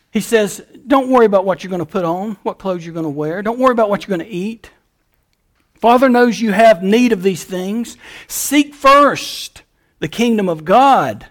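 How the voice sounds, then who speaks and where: A male pastor preaching a sermon in a folksy, emphatic way. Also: sits high.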